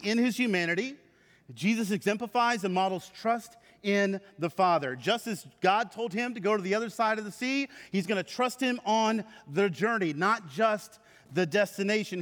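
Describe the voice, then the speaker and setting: A man preaching a sermon to his church, with animated storytelling. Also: high voice. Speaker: pastor. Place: church sanctuary. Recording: reverberant hall.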